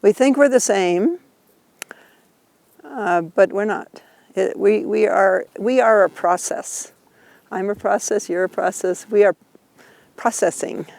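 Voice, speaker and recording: A woman's voice: medium pitch, slow, vocal fry, long pauses, darkish tone, no room sound. A woman teaching a group outdoors, explaining ideas patiently and laughing often as she talks. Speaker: Buddhist teacher leading a tour. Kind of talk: informal teaching while walking.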